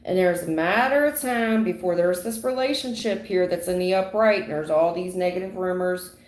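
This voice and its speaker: A woman giving a livestream tarot reading in a dramatic, repetitive way, acting out sudden endings with loud exclamations. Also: lowish voice, normal speed. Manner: dramatic, repetitive, full of sound effects. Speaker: tarot reader. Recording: echoey room.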